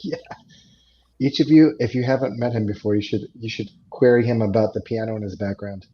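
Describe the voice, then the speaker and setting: A man's voice: fairly low pitch, steady tone, a little fast, dull audio, a little hiss or hum. Man with short dry poker remarks. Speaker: poker player. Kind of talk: casual chat over online poker.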